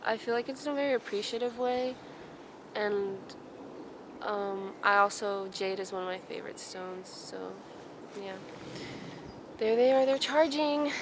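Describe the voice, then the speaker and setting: A young woman vlogging outdoors in a forest, talking in a soft, reflective, rambling way with many ums and self-corrections. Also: mid-range voice, level tone, moderate pace, noisy background. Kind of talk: casual vlog chat.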